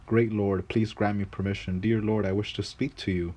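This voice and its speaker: A man's voice: fairly low pitch, flat delivery, moderate pace, warm tone, close to an everyday voice. A man voicing a meek, frightened little male servant who speaks humbly and earnestly to his master. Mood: humble, earnest. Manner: humble, pleading.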